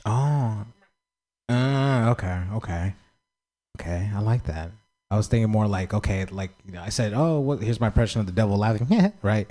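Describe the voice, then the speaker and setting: Male comic, lowish voice, halting and stammering, pleading for notes. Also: expressive, mellow. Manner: hesitant, stammering, pleading for feedback. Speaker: stand-up comedian. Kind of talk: post-set crowd banter.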